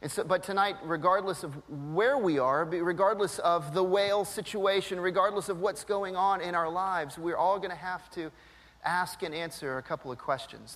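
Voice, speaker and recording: A man in his thirties preaches to a congregation, weaving a family story into his sermon. His voice sits high and he animates the tale by acting out the voices. The sound carries a long reverb, as in a large church hall. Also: a bit bright. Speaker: pastor.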